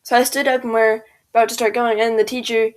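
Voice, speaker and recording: A woman's voice: a little high, little pitch movement, quick pace. A teenage girl rambling casually through a storytime over gameplay, full of "like" and "um", quoting people as she goes. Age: teens. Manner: rambling, filler-heavy, quotes people in voices. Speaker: gaming video creator.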